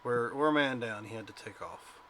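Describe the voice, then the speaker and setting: A man's voice: mid-range voice, a little fast, sharp tone. A man taking part as a player in an online tabletop game, talking casually and laughing easily.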